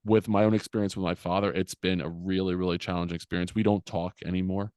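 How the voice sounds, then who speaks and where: Low-voiced man telling a raw story. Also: flat delivery, quick pace, a little mellow, clear, resonant tone, dry recording, studio quality. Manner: earnest, frank, casual with fillers and mild swearing. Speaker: podcast guest. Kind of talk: candid personal storytelling.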